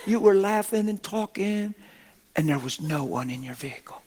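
An excited young mother, her voice thrown high and breathless as she points out the passing pastor, as a preacher acts her out in his sermon. The pitch jumps well above his own. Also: moderate pace, background noise. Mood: awed.

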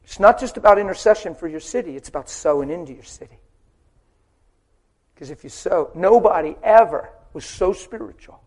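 A man preaches with a voice set a little higher than most. He throws rhetorical questions at the crowd and swings from loud, driving emphasis to hushed, close storytelling. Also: animated, moderate pace, breathy edge. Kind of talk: sermon.

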